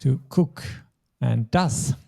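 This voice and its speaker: A man's voice: medium pitch, extremely slow, vocal fry, warm tone. A man teaching a German lesson, explaining grammar patiently step by step. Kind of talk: language lesson.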